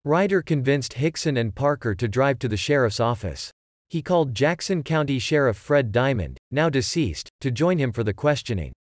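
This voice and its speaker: A man's voice: medium pitch, big pitch swings, moderate pace, dry recording, studio quality. A man giving scripted narration of a true story.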